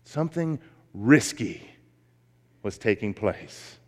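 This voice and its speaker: A man's voice: on the low side, animated, slow pace, darkish tone. A male pastor delivering a sermon, emphatic and folksy as he tells a story. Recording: long reverb of a large hall.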